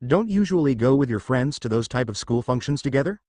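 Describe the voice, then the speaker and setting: A man's voice: mid-range voice, lively intonation, fairly quick, darkish tone, no room sound, natural voice. A man voicing a kindly, mildly lecturing middle-aged father in a read-aloud story, close to his own voice. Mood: fatherly.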